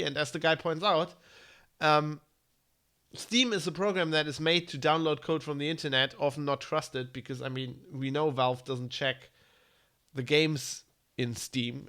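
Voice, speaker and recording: Gravelly German man, blunt tech rant. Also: medium pitch, fairly bright tone. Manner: rambling, blunt, with frequent ums and restarts. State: congested from hay fever. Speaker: tech news host. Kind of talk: casual live-stream tech commentary.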